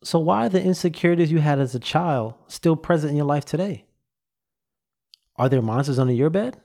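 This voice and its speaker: A man's voice: on the high side, vocal fry, mellow. A man hosting his own podcast, giving a loose, repetitive motivational talk straight to his listeners into a studio mic, a little out of breath. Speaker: podcast host. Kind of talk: casual motivational monologue.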